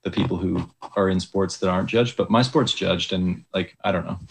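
A man's voice: deep voice, steady tone, normal speed, creaky, slight background noise. A young man, an Olympic ski jumper, talking casually as an interview guest, hesitant with many likes and restarts.

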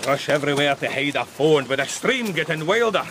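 An actor playing a fussy, indignant Scottish merchant and magistrate in a radio drama. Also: male voice, fairly high pitch, animated, brisk, background noise, natural voice. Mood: grave. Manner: indignant, lawyerly, blustering.

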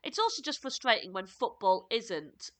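A woman co-hosting a podcast, chatting casually and enthusiastically about football, with quick bursts and restarts. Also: fairly high pitch, big pitch swings, fairly bright tone. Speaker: podcast co-host.

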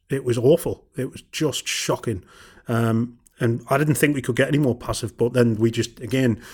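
A man's voice: medium pitch, a little mellow, slightly rough. Blunt, exasperated podcast co-host man. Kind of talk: casual football podcast chat.

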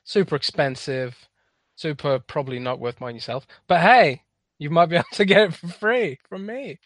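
A man co-hosting a gaming podcast who talks in a wry, sarcastic way and often laughs or trails off quietly. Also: fairly high pitch, normal speed, dry recording. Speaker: podcast co-host. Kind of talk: casual podcast chat.

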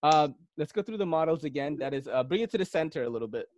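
A man's voice: on the high side, expressive, fast, darkish tone, no echo, studio quality. A man from the Philippines hosting a casual knife podcast, telling stories in a rambling way with lots of fillers and restarts. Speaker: podcast host.

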